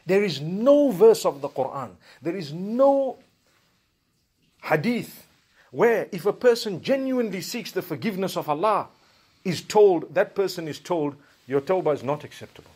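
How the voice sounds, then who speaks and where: High-voiced emphatic male preacher. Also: lively intonation, normal speed, a little mellow, breathy edge. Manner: emphatic, rhetorical questions, recites Arabic verses. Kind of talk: Friday sermon.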